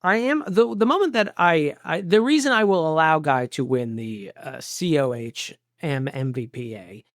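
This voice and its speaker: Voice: medium pitch, expressive, moderate pace, dry recording, clean studio sound. Rambling podcast co-host with nerdy asides. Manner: rambling, self-described nerd logic, laughs often. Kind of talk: casual chat.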